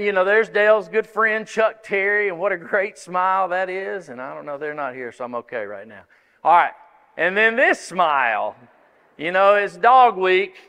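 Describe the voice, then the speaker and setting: With a high, sharp, clear and resonant voice, a male pastor rambles folksily through a sermon and announcements, often restarting his sentences. The church sanctuary's big space leaves a long reverb on the recording.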